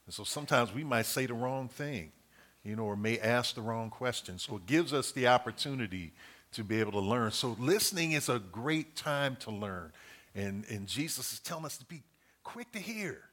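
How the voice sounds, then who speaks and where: A middle-aged man delivers a sermon in an earnest, conversational way. He counts through his points and repeats each key phrase for emphasis. His voice sits in an ordinary middle pitch. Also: expressive, moderate pace, fairly bright tone. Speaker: preacher.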